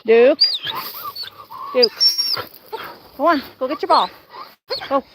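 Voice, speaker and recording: A woman vlogging outdoors in a back yard, chatting casually and coaxing and scolding excited dogs on a handheld phone. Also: high voice, slow. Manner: coaxing, scolding playful dog talk. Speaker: vlogger dogsitting. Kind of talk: casual chat and talking to dogs. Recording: loud outdoor background noise.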